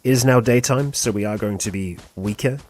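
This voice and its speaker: A man streaming gameplay talks a little fast in a lowish voice, with slight noise in the background. His casual commentary is relaxed and chatty; he reasons aloud as he plays and chuckles between lines.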